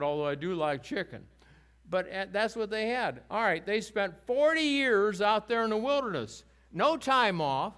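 A man with a high, light voice leads a Bible study group. He talks in a homey, chatty manner, drifting into side stories and asides. He keeps asking the group questions and getting them to answer him. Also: fairly bright tone. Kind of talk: informal Bible lesson with call-and-response.

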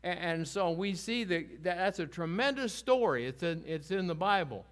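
A man with a high, light voice leads a Bible study group. He talks in a homey, chatty manner, drifting into side stories and asides. He keeps asking the group questions and getting them to answer him. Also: lively intonation, moderate pace. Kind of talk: informal Bible lesson with call-and-response.

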